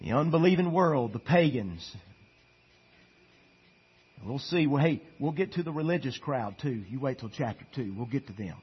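A man preaching a sermon as pastor, emphatic and swinging between hushed passages and loud declarations. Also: mid-range voice, expressive, moderate pace, pauses often, breathy edge, highs cut off.

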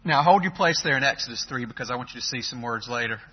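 A man preaching a sermon, emphatic, swinging between loud and soft, with hesitant restarts. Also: mid-range voice, fast talker, slightly rough. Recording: dull lo-fi recording.

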